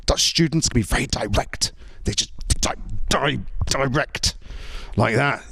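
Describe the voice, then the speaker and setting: Male stand-up comic, animated swooping delivery, chatty with lots of tag questions, dry close sound. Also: medium pitch, dry recording. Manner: chatty, leans on tag questions, frequent stammered restarts. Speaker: stand-up comedian. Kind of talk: stand-up comedy routine.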